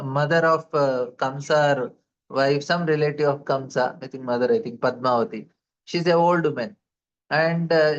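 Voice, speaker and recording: A man's voice: fairly high pitch, clear, resonant tone, dull audio. A man teaching a devotional class, retelling scripture stories with frequent hesitations.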